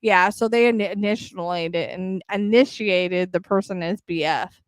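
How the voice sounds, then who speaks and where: Smooth, dry-voiced woman podcast host reading. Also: lowish voice, no room sound. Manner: reads steadily, stumbles on names and words, adds quick casual asides. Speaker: true crime podcast host. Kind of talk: reading court documents aloud with asides.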